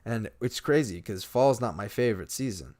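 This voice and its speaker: A man's voice: lowish voice, expressive, moderate pace, darkish tone. A young man hosting a podcast, casually retelling game scenes with lots of fillers and acted-out quotes. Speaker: podcast host. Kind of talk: casual chat.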